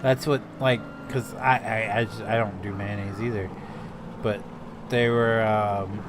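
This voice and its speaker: Halting man over a noisy mic. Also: fairly low pitch, fairly even intonation. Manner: halting, repeats words, storytelling. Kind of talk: casual chat while gaming.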